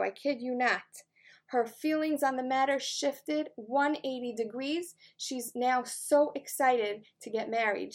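A woman teacher and life coach giving a Torah lesson on a psalm, earnest and conversational, with casual fillers. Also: on the high side.

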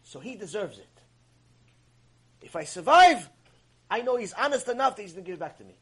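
A man acting out a frightened fugitive urgently explaining himself, in a husky voice. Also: high voice, sing-song, fairly quick, fairly bright tone, heavily acted.

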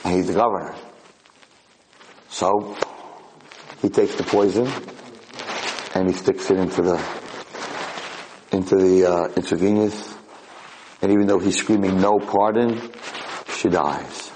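A man telling a dramatic story in a lecture, animated and acting out the characters' voices. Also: low voice, unhurried, long pauses, background noise.

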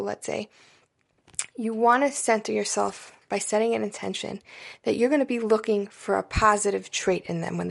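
A woman's voice: on the high side, creaky. A woman giving a casual spoken parenting lesson, coaching listeners directly and often checking in with "right?" and "you know". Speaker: parenting educator.

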